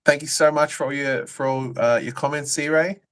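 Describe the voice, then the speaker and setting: A young Australian man co-hosting a live fan-series Q&A in relaxed, rambling chat with many fillers. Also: a little high, normal speed. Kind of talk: casual livestream chat.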